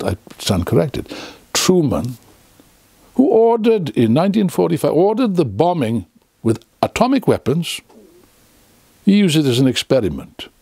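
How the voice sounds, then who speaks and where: A man's voice: medium pitch, vocal fry, a little mellow, slightly rough, no room sound. An older man giving an impassioned, unscripted lecture to camera, full of sarcastic asides and restarts, close on the mic. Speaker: political speaker.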